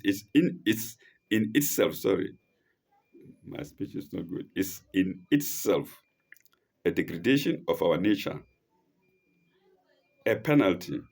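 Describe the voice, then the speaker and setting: Slow, low-voiced man teaching scripture. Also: a little mellow. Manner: reads aloud haltingly, repeats and corrects himself; reads Arabic phrases aloud slowly. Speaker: religious teacher. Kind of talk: slow scripture study commentary.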